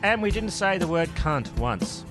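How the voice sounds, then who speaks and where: A man's voice: a little high, big pitch swings, measured pace, over music. A man co-hosting a podcast, bantering casually and telling crude, jokey stories. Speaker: podcast co-host.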